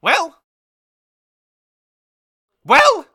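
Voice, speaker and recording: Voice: mid-range voice, sing-song, moderate pace, pushed and bright, breathy edge, exaggerated voice. A game master voicing a fussy middle-aged mother who rants at her son and then politely hosts his friends. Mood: exasperated scolding.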